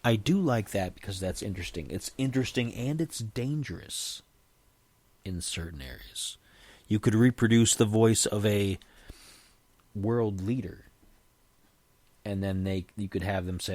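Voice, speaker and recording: A man's voice: low voice, fairly even intonation, moderate pace, darkish tone, no echo. A man hosting his own podcast, talking casually in a rambling way with frequent restarts. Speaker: podcast host. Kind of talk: casual solo podcast talk.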